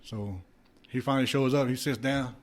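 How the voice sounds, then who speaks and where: A man's voice: medium pitch, normal speed. A man, a former boxer, telling stories casually with lots of swearing and laughter. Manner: animated anecdotes with profanity and laughter. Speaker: podcast guest, former heavyweight boxer. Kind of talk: casual storytelling.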